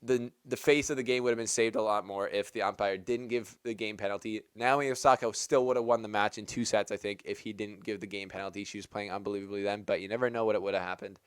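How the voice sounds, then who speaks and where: A man's voice: fairly low pitch, fairly even intonation, fast talker, hardly any pauses, clean tone, no echo, clean studio sound. A man hosting a tennis channel, giving casual opinion commentary in a chatty, rambling way with lots of "like". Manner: chatty, rambling, heavy use of "like".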